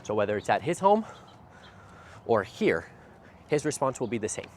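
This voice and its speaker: Man, low voice, dog trainer, outdoor walk, short phrases, faint traffic noise. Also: very animated, moderate pace, darkish tone. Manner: explains in short phrases, often adds "right?". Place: outdoors by a street.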